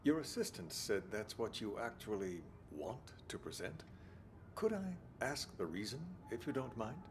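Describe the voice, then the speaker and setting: An actor playing a polite, flattering male gallery owner in a game. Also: fairly low pitch, measured pace, background noise. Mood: fawning. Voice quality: polite and fawning.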